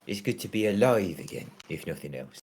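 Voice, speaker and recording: Deep-voiced joking man player. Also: animated, fairly quick, darkish tone, husky. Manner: joking, laughs often. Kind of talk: casual chat.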